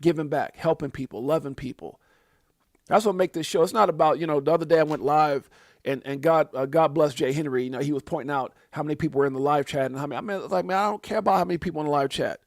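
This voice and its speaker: A man's voice: a little high, fast talker, no echo, clean studio sound. A man hosting a casual crypto livestream, talking in a rambling, heartfelt way with many repeated words and preacher-like phrases.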